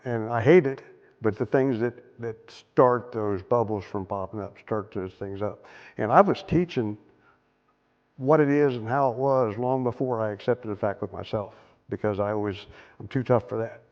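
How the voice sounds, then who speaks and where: An older man speaking plainly and earnestly in a candid round-table talk about mental health. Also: mid-range voice. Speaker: discussion participant. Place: room with other men at a table. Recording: dull lo-fi sound with long hall reverb.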